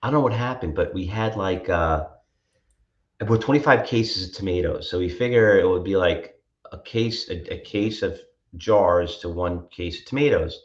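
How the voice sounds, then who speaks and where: Low-voiced man in a roomy, dull recording. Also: normal speed. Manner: rambling, animated storytelling. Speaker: co-host. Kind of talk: casual chat. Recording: roomy, dull-sounding mic.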